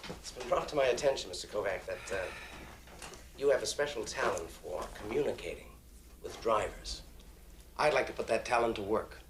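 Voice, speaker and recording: A courteous yet condescending executive, speaking in a somewhat low voice with measured politeness. A faint noise sits under the film audio. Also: male voice, lively intonation. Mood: persuasive. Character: smooth corporate male executive, polite and condescending. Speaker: company executive.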